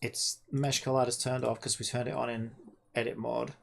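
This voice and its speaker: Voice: mid-range voice, flat delivery, normal speed, creaky. A game developer talking to themself while working, muttering and swearing in frustration at the screen. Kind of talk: casual self-talk while coding.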